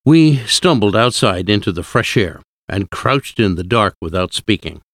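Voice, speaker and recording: A man narrates a storybook with a lowish voice at an unhurried, measured pace. The recording is dry and close, with no room sound. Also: expressive, fairly bright tone, no room sound. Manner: slow, measured, clear reading.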